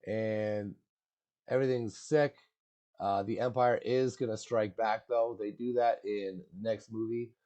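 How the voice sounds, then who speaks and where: A laid-back man with a lowish voice recaps a movie in loose, slangy chat. His tone is mellow and relaxed, and his sentences wander with lots of filler words. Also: a little slow.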